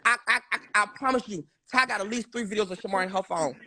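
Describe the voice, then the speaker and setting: A man with a very high, bright, tense voice, talking fast. He argues insistently on a live stream, swears on his mother again and again, and curses freely. There is a gravelly fry under his words. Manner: insistent, swears oaths repeatedly, profane. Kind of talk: heated live-stream argument.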